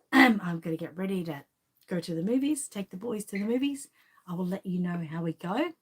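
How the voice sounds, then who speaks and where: A woman's voice: on the low side, expressive, normal speed, breathy edge. A woman with an Australian accent hosting a casual live stream, chatting in a rambling way and reading out viewer comments.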